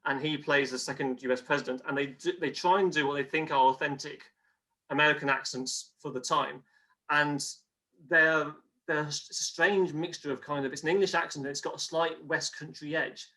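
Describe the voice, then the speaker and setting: A man's voice: on the high side, fairly even intonation, fairly quick, pushed and bright. A man explaining history as an interview guest, patiently, with examples.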